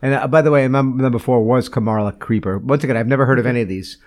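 A podcast co-host, a man with a mid-range voice and a teasing, wry way of talking. He stumbles over words now and then in relaxed conversation. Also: mid-range voice, racing. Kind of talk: casual chat.

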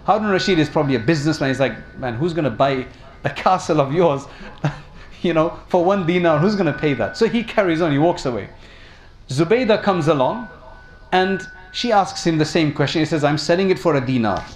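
A man's voice: fairly high pitch, lively intonation, a little fast. A man preaching a sermon, telling stories and asking his listeners questions. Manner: storytelling, addresses audience with questions.

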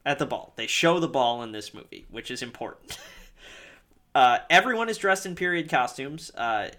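A man co-hosting a podcast, casually recapping a movie with jokes, swearing and quick acted-out quotes. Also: mid-range voice, animated, a bit bright. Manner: jokey, swears, acts out quotes. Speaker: podcast co-host.

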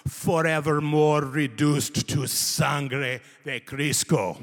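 An excitable European trip leader, as a storyteller puts him on, theatrical and loud. He swings between booming declarations and slow, solemn pronouncements. The voice rings out with a long hall reverb.

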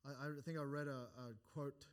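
A man's voice: mid-range voice, steady tone, normal speed. A pastor preaching a sermon, building his points with rising emphasis, often restarting phrases and quoting scripture in old-fashioned wording. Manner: restarts and repeated words between points. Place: church.

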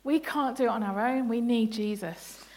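A woman leads a bible study at a church service, speaking in a slightly high, light voice. She is playful and chatty, quizzing children and parents and laughing between points. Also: normal speed. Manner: playful, laughing, asks the congregation questions. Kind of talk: interactive family sermon.

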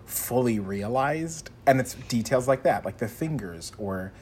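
A man hosting a casual film chat, animated, laughing often and acting out quotes. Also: mid-range voice, a little slow, slight background noise.

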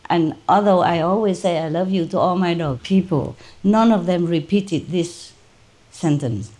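A woman with a fairly low voice speaks informally to her disciples as their spiritual teacher. She tells her story in an animated way and laughs often as she goes. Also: measured pace.

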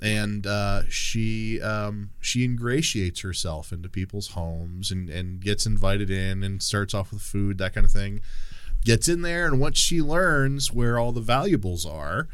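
A man's voice: fairly low pitch, unhurried, a bit bright, clear, resonant tone, no echo. A man playing a tabletop game, describing his character in casual chat, rambling with many restarts. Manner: rambling, lots of fillers and restarts. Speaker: player.

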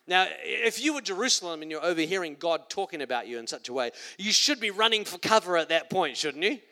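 High bright-voiced male preacher. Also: animated, quick pace. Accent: New Zealand. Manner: conversational, bursts into loud emphatic quotes. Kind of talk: sermon.

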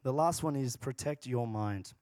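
A man preaching a sermon as pastor, moving between casual, joking asides and loud, passionate bursts. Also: mid-range voice, moderate pace, dry recording, studio quality. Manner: swings from quiet talk to loud, passionate preaching.

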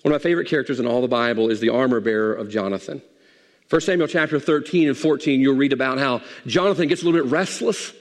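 A man's voice: medium pitch, fast, big-room sound. A man preaching a sermon as pastor in a folksy, conversational way, in a church sanctuary.

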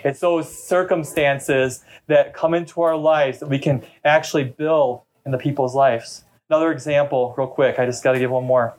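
A man's voice: medium pitch, fairly even intonation, normal speed, few pauses, darkish tone. A middle-aged man, a pastor, preaching a sermon in a chatty, storytelling way during a church service. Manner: conversational storytelling preacher, talkative.

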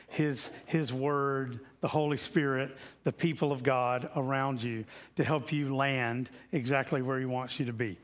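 A man preaching a sermon to a church congregation in a conversational way, repeating key lines and slowing down for emphasis. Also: on the high side, a bit bright. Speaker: pastor.

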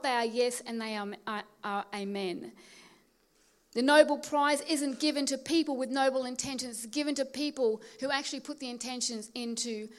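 A woman with a high, bright voice delivers a sermon. She mixes everyday stories with scripture and slows right down to press home key words. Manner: storytelling, emphatic preaching with slow stressed phrases. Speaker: pastor.

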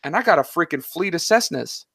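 Animated, slangy man telling stories. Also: on the high side, fairly quick, vocal fry, slightly rough, no room sound, studio quality. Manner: animated, story-driven, slangy. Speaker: guest, online seller. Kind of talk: casual interview talk.

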